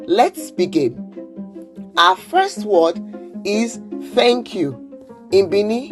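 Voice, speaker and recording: Slow, patient woman teaching. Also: medium pitch, big pitch swings, over music. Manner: patient, encouraging, repeats words slowly for learners. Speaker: language teacher. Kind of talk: slow, clear language lesson with repeat-after-me drills.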